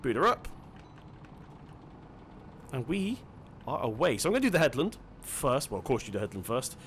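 Guy chatting through his farming game, mid-pitched voice, jokes at himself, faint engine hum behind. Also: very animated, moderate pace, a bit bright. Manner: chatty, self-deprecating, thinks aloud. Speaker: gaming channel host. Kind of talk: casual let's-play commentary.

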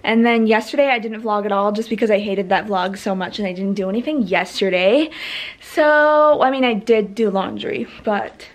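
A woman's voice: mid-range voice, fairly quick, few pauses. A young woman chatting casually to her camera at home, rambling and often breaking off mid-sentence. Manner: rambling and self-interrupting, trails off mid-sentence. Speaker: vlogger. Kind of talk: casual vlog chat. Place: at home, indoors.

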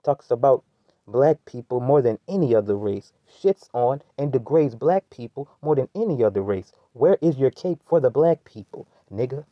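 A commentary vlogger with an animated, medium-pitched voice delivers a heated, rambling rant at a normal speed, packed with slang and restarts. The audio sounds dull, with no room sound.

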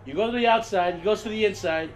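A man acting in a scripted comedy sketch, talking calmly and then erupting into shouted tantrums at people who are not heard. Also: sits high, fast, a little hiss or hum. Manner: talks to unseen people on phone and field.

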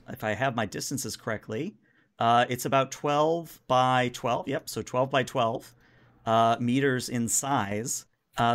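A man guiding players through a tabletop role-playing session as game master. He talks in a relaxed, rambling way, scattering filler words as he describes the scene. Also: mid-range voice.

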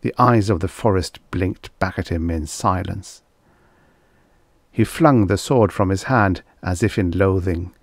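A man's voice: low-pitched, measured pace, no room sound, clean studio sound. A man reading vintage science fiction aloud as an audiobook narrator, telling the story expressively. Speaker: audiobook reader.

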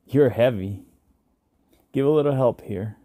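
A man's voice: medium pitch, measured pace, dry recording, narrow, tinny audio, voice pushed up, lightly acted. A man reading aloud and voicing a friendly, self-assured male neighbor who speaks in an easygoing, amused, chatty way, in a dry close recording.

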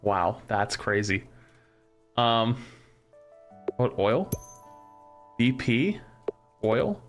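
A man's voice: mid-range voice, sing-song, drawn-out words, faint music behind. A man streaming a crafting game, musing aloud as he tries one combination after another. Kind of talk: casual live-stream commentary.

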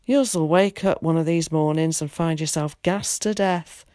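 A woman voicing a bossy, excitable old man who scolds in a hurried way. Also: on the low side, no room sound, clean studio sound.

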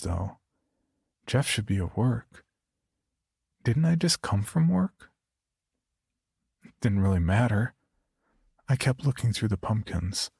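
A man narrating a horror story in a quiet, halting, subdued first-person voice. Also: lowish voice, husky, dry recording, clean studio sound.

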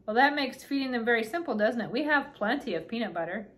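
A woman's voice: on the high side, expressive, fast talker, a bit bright. A woman voicing a curious, eager young girl who asks wondering questions.

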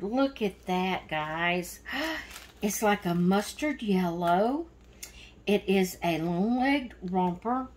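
A woman's voice: mid-range voice, a little hiss or hum, low-quality recording. Gushing, gasping woman unboxing mail. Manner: gushing, gasping, easily moved to tears. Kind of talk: casual unboxing chat.

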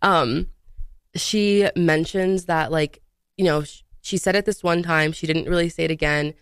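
Woman co-host, lowish voice, mocking gossip, dry mic. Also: fairly even intonation, unhurried, clean tone, dry recording. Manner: mocking, giggly. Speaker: podcast co-host. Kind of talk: casual gossip chat.

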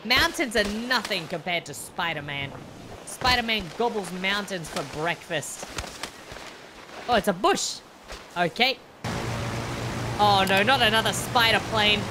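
Reaction host: excitable woman, lively swooping pitch, jokey, recorded over clear background noise. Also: a little slow, long pauses. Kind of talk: playful reaction commentary.

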